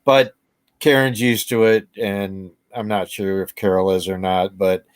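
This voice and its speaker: A man's voice: fairly low pitch, fairly even intonation, measured pace, a loud crowd. A man hosting an online recovery meeting, chatting casually and telling self-deprecating stories. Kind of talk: casual chat.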